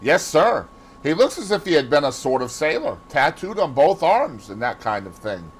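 A man's voice: on the high side, sing-song, normal speed, husky, voice pushed up. A man with a Boston accent voicing a deferential working-class gamekeeper who speaks plainly and respectfully.

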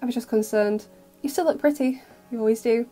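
A woman's voice: on the high side, brisk, mellow, faint music behind, close to an everyday voice. A woman reading as an earnest teenage boy.

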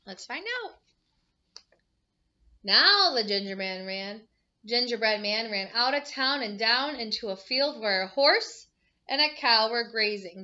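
A woman teacher reading a picture book aloud to children, animated and asking them questions. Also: fairly high pitch, highs cut off. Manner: animated, asks the listeners questions.

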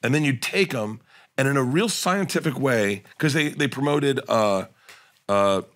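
A comedian appears as a guest on a casual podcast, spinning animated, rambling anecdotes packed with restarts and laughter. His voice is mid-range and his pace unhurried.

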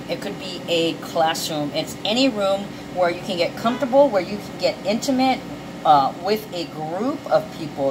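A woman giving a casual, emotional tarot card reading, chatty and quick to swear. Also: lowish voice, background noise.

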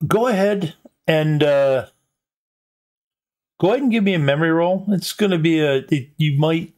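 A man narrating a tabletop game as game master at a live convention show, halting with many ums and restarts. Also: a little high, a little mellow.

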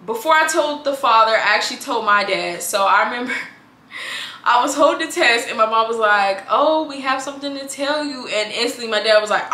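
Chatty, bright-voiced young woman vlogger. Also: a little high, fairly quick, roomy sound. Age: 20s. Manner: chatty, animated, acts out family members' lines. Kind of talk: casual storytelling vlog.

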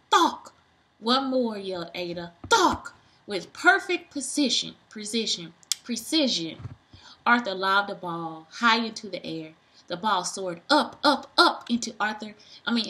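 A woman reading a children's book aloud, doing sound effects and stopping for excited asides to young listeners. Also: mid-range voice, rough recording.

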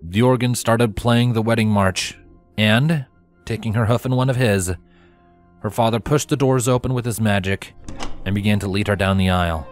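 A man reading fanfiction aloud in steady storytelling narration. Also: fairly low pitch, normal speed, soft background music. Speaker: fanfiction reader. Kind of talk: scripted narration.

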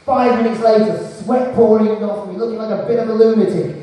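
A man's voice: high-pitched, steady tone, fairly quick, dark tone. A man in his forties performing a stand-up comedy set, telling stories and acting out voices. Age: 40s. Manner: storytelling with acted-out voices. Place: comedy club stage. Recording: echoey hall from far off.

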